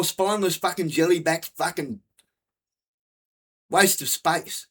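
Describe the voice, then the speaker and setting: Sweary ranting man, pitched high. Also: normal speed, breathy edge. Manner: blunt, sweary, repetitive. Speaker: vlogger. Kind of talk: angry profane rant.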